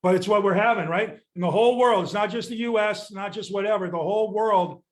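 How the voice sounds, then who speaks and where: In a candid podcast chat, an older man who coaches real estate sales rants bluntly and with exasperation, swearing casually. His voice is high and a little fast.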